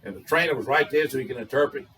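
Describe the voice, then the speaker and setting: A man's voice: medium pitch, rapid-fire, sharp tone, recorded from a distance, rough recording. An older man, telling raunchy jokes in a folksy, colorful storytelling drawl. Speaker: joke teller.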